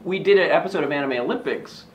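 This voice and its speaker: A man voice actor chats in a relaxed interview, clowning and acting out lines as he talks. His pitch swings widely and lively. Faint convention ambience sits under the voice. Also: fast, slight background noise. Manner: animated storyteller, jokey, acts out quotes. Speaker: voice actor guest. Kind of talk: casual convention interview chat.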